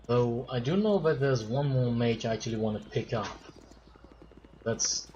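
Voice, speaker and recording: A man's voice: medium pitch, fairly quick, dark tone, muffled recording, a little hiss or hum. A man hosting a let's play, chatting and musing aloud as he plays. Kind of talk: casual gameplay commentary.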